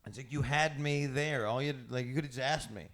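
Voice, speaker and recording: A man's voice: mid-range voice, normal speed, over a noisy crowd. A man hosting a podcast, a comedian, talking in a laid-back, joking, rambling way. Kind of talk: casual chat.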